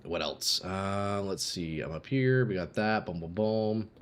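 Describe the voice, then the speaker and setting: With a low pitch, lively intonation, and an unhurried pace, a male streamer narrates his gameplay live on a desk streaming mic. He's casual and chatty, reads chat out loud, and has bursts of hype.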